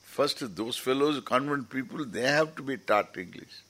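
A man's voice: mid-range voice, expressive, normal speed, sharp tone. A man giving an informal, rambling lecture as a teacher at a scripture camp, often restarting his sentences. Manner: rambling, explanatory, with frequent restarts.

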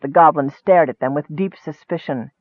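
A man narrating a fantasy audiobook in a measured, expressive way. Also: a little high, no room sound. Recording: dry, tinny, narrow-band.

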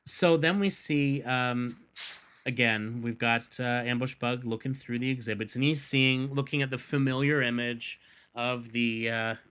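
A man's voice: medium pitch, fairly even intonation, unhurried, a bit bright, clean tone. A man casually retelling a comic book story, acting out the characters' lines in put-on voices and laughing often. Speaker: podcast host.

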